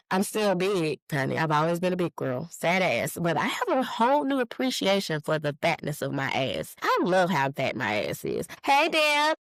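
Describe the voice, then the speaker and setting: A woman's voice: low-pitched, no room sound, poor audio. A woman in her late thirties hosting a podcast alone, chatting casually, losing her train of thought and stopping to greet viewers by name. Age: 30s. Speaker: podcast host. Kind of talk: casual solo live-stream chat.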